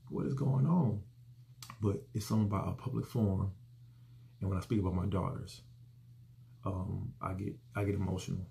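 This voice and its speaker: Middle-aged man, gravelly fry in the voice, earnest rambling host. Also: low voice, dark tone. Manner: rambling, earnest, repeats words. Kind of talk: casual personal reflection.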